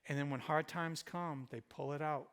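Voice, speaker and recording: A male pastor preaching a sermon, swinging between loud emphatic passages and quiet, intimate ones. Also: on the high side, steady tone, moderate pace. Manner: speaks in Jesus's voice to the listener.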